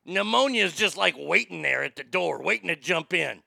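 Profane, ranting man with a gravelly voice. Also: a little high, lively intonation, moderate pace, pushed and bright, dry recording, clean studio sound. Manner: profane, heated and sarcastic; stammers and restarts when worked up. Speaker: live show host. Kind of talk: ranting political commentary.

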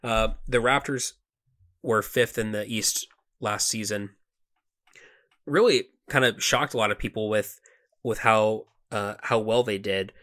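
A man with a fairly low, bright and forceful voice talks through basketball picks on a podcast. He speaks loosely and casually, with plenty of fillers and quick restarts. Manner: relaxed, conversational, frequent fillers and restarts. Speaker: podcast co-host. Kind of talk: casual sports podcast chat.

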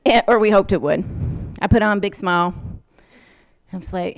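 An American woman in a conversational lecture, telling stories from her travels as a social worker. Her voice sits at an ordinary middle pitch, and she talks easily, slipping into lively voices to quote people. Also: moderate pace, gravelly. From United States. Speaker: social work professor. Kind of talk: storytelling lecture.

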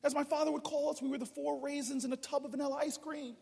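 Man from new jersey, politician, humorous storytelling speech, very high voice, long hall reverb. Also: fast, creaky, background noise. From New Jersey, USA. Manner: animated, humorous, with many restarts. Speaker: politician speaking at a town hall. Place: large public hall.

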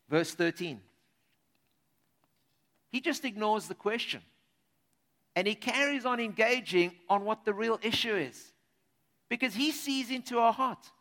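High, bright-voiced male preacher. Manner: animated, conversational, addresses listeners directly. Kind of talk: sermon.

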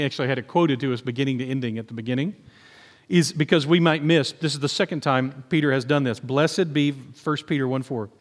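A man preaching a sermon, moving between quiet scripture reading and excited outbursts. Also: a little high. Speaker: pastor. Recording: long hall reverb.

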